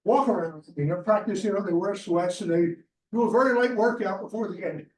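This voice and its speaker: Talking a little fast, a chapter member with a high, darkish voice recounts a rambling sports tale to a small group at a club meeting held in a restaurant meeting room. He quotes those involved, retelling their exchanges, and the audio is roomy from a far-off mic.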